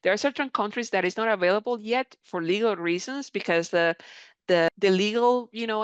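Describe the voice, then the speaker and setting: A woman mentor presenting a live software tutorial, reading viewer comments aloud and answering them in a conversational, encouraging way. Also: mid-range voice, clean tone, no room sound. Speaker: creator program mentor presenting a live session. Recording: slightly dull, dry audio.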